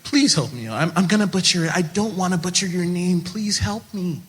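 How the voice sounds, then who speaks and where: Give me a hesitant, apologetic voice as a Nigerian man puts it on, pitched high. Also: fairly quick, in a large hall, natural voice. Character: nervous, apologetic American asking for help.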